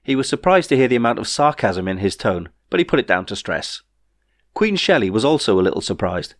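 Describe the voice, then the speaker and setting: A man narrating his own novel in a wry, measured storytelling way. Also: fairly low pitch, very animated, no room sound, clean studio sound. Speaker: author reading his novel. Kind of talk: audiobook narration.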